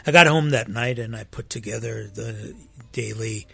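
A man's voice: on the low side, normal speed, creaky, pushed and bright, husky, no room sound, faint music behind. A man hosting a weekly faith program, talking reflectively and searching for his words with frequent restarts. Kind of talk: reflective spoken talk.

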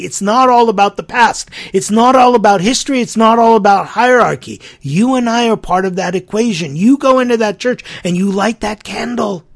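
A man's voice: high-pitched, creaky, slightly rough. A man hosting a religious talk show, telling a story in an earnest, reflective way that sometimes drops almost to a whisper. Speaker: host.

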